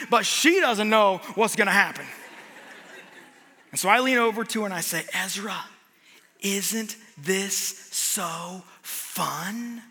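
A man giving a sermon as a guest preacher, telling a funny story on himself in an animated, self-mocking way. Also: very high voice, big-room sound.

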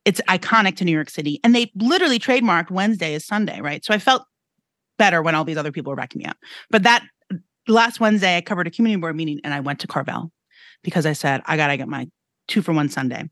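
A woman's voice: lowish voice, expressive, fast, a bit bright, no room sound. Woman reporter telling a story, chatty, dry close mic. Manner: chatty storyteller, self-deprecating. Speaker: reporter, co-host. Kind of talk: casual political chat.

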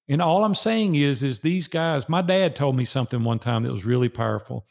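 Gravelly older Southern man telling a story. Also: mid-range voice, brisk, few pauses. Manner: earnest, repeats phrases for emphasis. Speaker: podcast guest. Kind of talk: casual storytelling interview.

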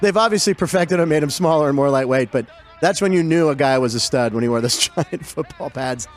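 A middle-aged man from western Pennsylvania hosting a sports show, telling stories over game clips in a chatty, digressive, excited way. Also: fairly high pitch, a little fast.

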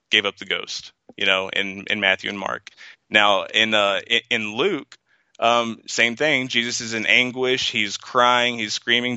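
Bright, rambling man on a podcast. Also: mid-range voice, clean tone, no echo, highs cut off. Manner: rambling, lots of fillers and restarts. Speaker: podcast co-host. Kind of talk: casual podcast discussion.

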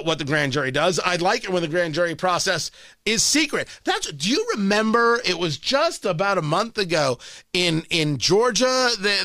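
A man hosting a political talk radio show, delivering an animated, sarcastic monologue into a studio microphone. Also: high-pitched, no room sound. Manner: animated, excitable, sarcastic asides.

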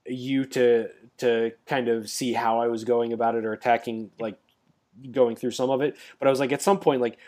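A man's voice: mid-range voice, steady tone, normal speed, a little mellow. A man co-hosting a podcast in casual chat, rambling along with many fillers and restarts. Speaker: podcast co-host.

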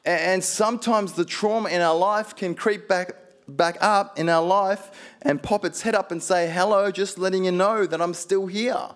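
A man's voice: sits high, fairly even intonation, normal speed, fairly bright tone. A man preaching a sermon, telling personal stories with playful asides and building to fervent exhortation.

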